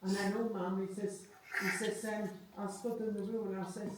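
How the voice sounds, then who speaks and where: A woman's voice: medium pitch, level tone, normal speed. Chatty woman in echoey room. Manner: chatty, relays messages with frequent tag questions. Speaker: medium giving a reading. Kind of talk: live psychic reading to a sitter. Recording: echoey room from far off, faint noise.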